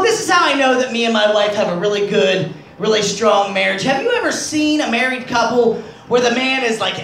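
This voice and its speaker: A man's voice: very high voice, fairly bright tone, a little hiss or hum. A man doing crude, self-deprecating stand-up comedy on a club stage. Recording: roomy club sound from far off.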